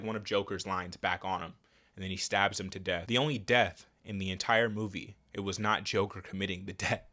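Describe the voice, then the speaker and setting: A man delivering a ranting movie review, animated and exasperated, talking casually with slang. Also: on the low side.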